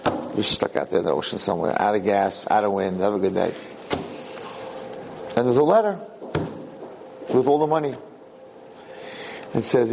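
Animated man telling a parable. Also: lowish voice, normal speed, vocal fry, long pauses, a little hiss or hum, low-quality recording. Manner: animated storyteller, Yiddish-sprinkled. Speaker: Jewish lecturer. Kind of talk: parable storytelling lecture.

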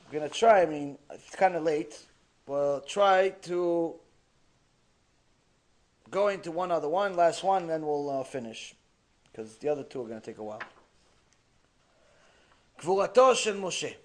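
A man delivering a religious ethics lecture, telling stories in an animated way and mixing in Hebrew terms. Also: on the high side, unhurried, pauses often. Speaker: Torah lecturer.

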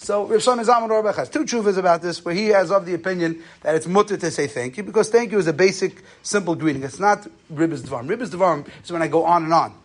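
A man's voice: high voice, fast, few pauses. A man giving a conversational Torah lesson on Jewish law, telling stories and using Yiddish and Hebrew terms. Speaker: rabbi lecturer.

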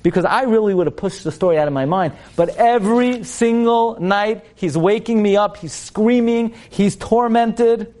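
A woman's voice: medium pitch, moderate pace, few pauses, warm tone, voice pushed up, close to an everyday voice. Distraught widow, pleading and insistent; voiced by a man telling the story.

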